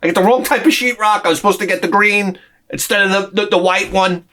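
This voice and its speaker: A man's voice: sits high, steady tone, fairly quick, pushed and bright. A man telling an exasperated, profane story in a sarcastic comic rant on his vlog. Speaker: vlogger.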